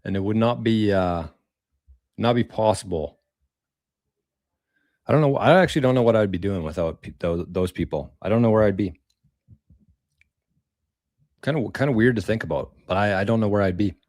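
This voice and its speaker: A man's voice: lowish voice, moderate pace, pauses often, darkish tone, no echo, studio quality. A man hosting a casual live stream, thanking viewers for tips in a rambling way, repeating words and using mild slang. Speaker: livestream host reading viewer tips.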